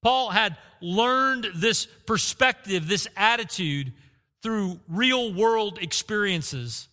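Male pastor, high and very bright voice, rhetorical sermon style, reverberant church hall. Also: lively intonation, slow. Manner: repeats key phrases, rhetorical questions.

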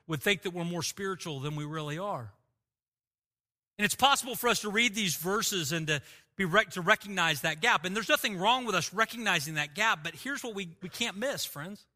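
A male pastor delivering an earnest, emphatic sermon, with pauses and small restarts. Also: high voice, pushed and bright.

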